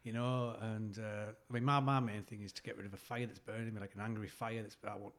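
A man co-hosting a casual podcast at home, speaking in a halting, hesitant way with many restarts. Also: fairly low pitch, level tone. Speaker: podcast co-host. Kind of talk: casual chat.

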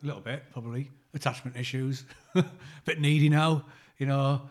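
A man's voice: medium pitch, steady tone, normal speed. A man in casual chat, joking and putting himself down, often laughing. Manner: jokey, self-deprecating, laughs often.

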